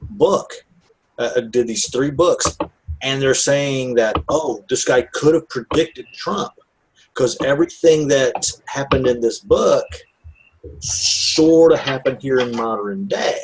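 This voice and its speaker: A man's voice: mid-range voice, slow pace, noisy background. A man co-hosting a podcast in casual chat, with teasing asides to the listeners. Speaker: podcast co-host.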